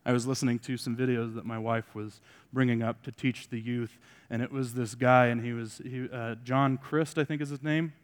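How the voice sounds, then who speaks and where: A man preaching a sermon to a congregation, mixing joking asides with loud emphatic points and quiet remarks. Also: mid-range voice, little pitch movement, moderate pace, few pauses, clear, resonant tone, long reverb tail. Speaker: pastor.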